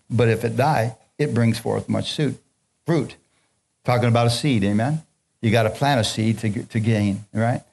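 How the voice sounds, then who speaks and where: A man's voice: mid-range voice, vocal fry. A man preaching, leading prayer and call-and-response, reading scripture aloud and commenting on it, and chuckling while he tells a story.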